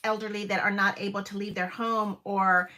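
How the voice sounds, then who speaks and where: Bright-voiced gushing woman in her fifties. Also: mid-range voice, little pitch movement, moderate pace. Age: 50s. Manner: gushing, exclaims often, many fillers. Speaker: crafting livestream host. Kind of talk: casual live craft chat. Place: home craft room.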